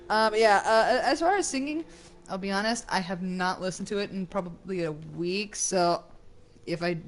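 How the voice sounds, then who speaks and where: A woman co-hosting a game stream, chatting playfully and laughing often. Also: mid-range voice. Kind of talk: casual chat. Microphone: desk microphone.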